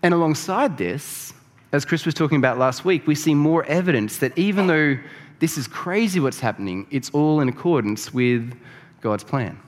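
Speaking at a moderate pace in a somewhat high voice, a man preaches a sermon, explaining scripture conversationally and building to emphatic peaks. A large hall's long reverb surrounds him.

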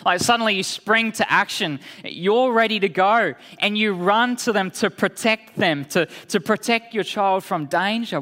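Male preacher, bright high voice, unhurried solemn delivery, church hall. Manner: slow, deliberate preaching that drops low and quiet for solemn lines. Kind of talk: sermon. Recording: long hall reverb.

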